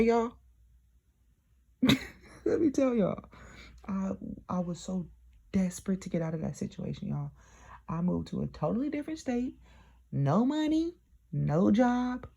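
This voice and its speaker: A young woman talks through a personal story in a loose, chatty way, full of fillers and direct asides to her listeners. Her voice sits low, with a gravelly fry and a husky edge. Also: mellow, highs cut off. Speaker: diary vlogger.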